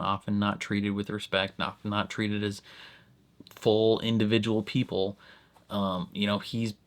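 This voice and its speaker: A man hosting a casual TV reaction, rambling with lots of fillers and sudden animated bursts. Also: on the low side. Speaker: reaction channel host.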